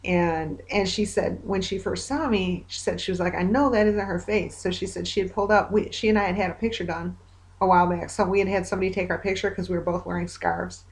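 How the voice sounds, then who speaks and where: A woman's voice: fairly low pitch, little pitch movement, fast talker. A woman talking in a casual personal video diary, rambling as she retells conversations with many fillers, hopeful yet weary. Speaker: vlogger.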